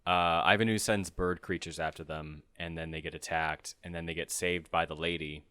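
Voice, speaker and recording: A young man chatting casually while playing a game, rambling through a movie plot and doing quick silly voices for the characters. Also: low voice, fairly even intonation, bright, forceful tone, clear, resonant tone, no echo. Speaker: let's play co-host. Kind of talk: casual gaming chat.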